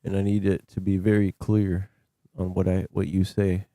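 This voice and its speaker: A man's voice: low-pitched, level tone, moderate pace, mellow, no echo, studio quality. A man hosting a scam-baiting livestream, chatting casually and rambling while he thanks viewers for gifted subs.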